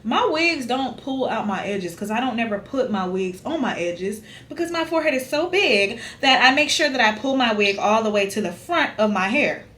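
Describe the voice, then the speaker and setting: A woman's voice: a little high, lively intonation, moderate pace, hardly any pauses, a bit bright, a little hiss or hum. A young woman talks casually to her viewers from home. Her chat is loose and full of slang, and she keeps calling her audience y'all. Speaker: vlogger doing a wig install.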